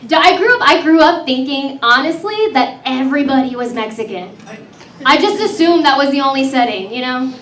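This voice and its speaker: A woman in her thirties with a high voice works a comedy club crowd in a chatty, self-mocking stand-up set. Her voice comes from a distance into an echoey room, under loud noise. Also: lively intonation, brisk. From Texas. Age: 30s. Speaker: comedy host.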